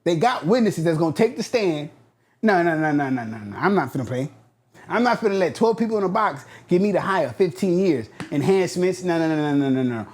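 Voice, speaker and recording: A man in his thirties from Southern California, a podcast guest telling a long story in a blunt, slangy, animated way. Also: on the high side, a little fast. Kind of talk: storytelling interview.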